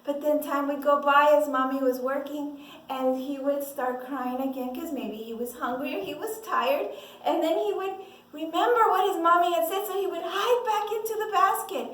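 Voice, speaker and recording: High-voiced lively woman telling a story. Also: moderate pace. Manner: lively, expressive, asks the listeners questions. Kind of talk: animated children's story telling. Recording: echoey room, mic far off.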